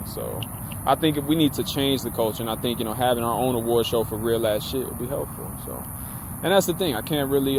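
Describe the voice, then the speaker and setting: A man's voice: mid-range voice, noisy background. A man ranting casually to camera in a vlog, profane, slangy and rambling. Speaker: vlogger.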